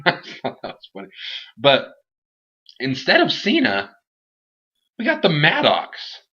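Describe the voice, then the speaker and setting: A young man reviewing a wrestling show in a casual, animated, rambling and jokey way. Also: fairly high pitch, slow pace, breathy edge. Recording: dull lo-fi home recording.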